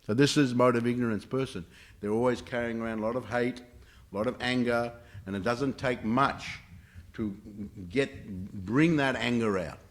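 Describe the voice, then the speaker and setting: A man's voice: mid-range voice, moderate pace. A man teaching a scripture class, telling stories with many hesitations and filler sounds. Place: temple class room.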